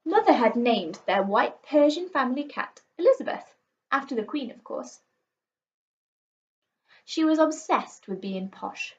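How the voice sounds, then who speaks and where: A woman teacher reading a children's book aloud to pupils, expressive and playful. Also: high-pitched, unhurried, pauses often. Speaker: primary school teacher. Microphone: recorded for an online class video. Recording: slightly muffled lo-fi recording.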